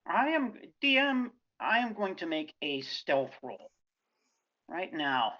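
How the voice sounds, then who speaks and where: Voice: medium pitch, big pitch swings, takes it slowly, sharp tone. A player in a tabletop game, casual and matter-of-fact, heard over a dull online call.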